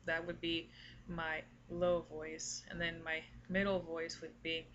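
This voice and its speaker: A woman giving a casual singing lesson, explaining tips slowly and deliberately, breaking off to demonstrate with her voice. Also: low voice, completely flat delivery, fairly bright tone, dull audio, slight background noise. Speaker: singing teacher.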